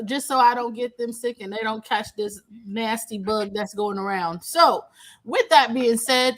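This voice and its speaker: A woman hosting a casual talk show, a little hoarse from a cold, chatty and quick to laugh, calling in from outside the studio. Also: fairly high pitch. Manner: lively, chatty, laughs easily. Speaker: host. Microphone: remote, not in the studio.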